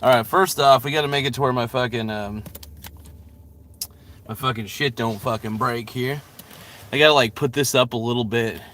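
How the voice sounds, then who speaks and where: A man's voice: mid-range voice, normal speed, long pauses, fairly bright tone. A man rambling and joking crudely with lots of swearing while he vlogs live from inside his car, talking to a camera mounted in the car. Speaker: vlogger. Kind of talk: casual live-stream vlog while driving.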